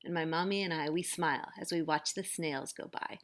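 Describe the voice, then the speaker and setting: Low gravelly woman reading a storybook. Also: fairly quick, a little hiss or hum. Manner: expressive, animated narration. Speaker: teacher. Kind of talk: storybook read-aloud.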